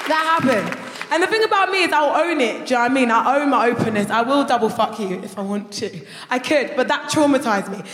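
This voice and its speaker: A woman doing a live stand-up set on stage, telling crude stories in a brash, animated way. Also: high-pitched, fast talker. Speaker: guest stand-up comedian. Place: large concert hall stage. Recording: echoey hall, live crowd noise. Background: live audience laughing.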